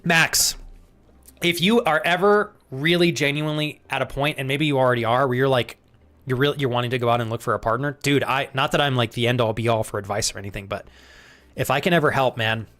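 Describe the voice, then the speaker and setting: A young man streaming a game live, chatting casually with viewers, thanking them by name, swearing freely, and jumping high in pitch when he gets excited.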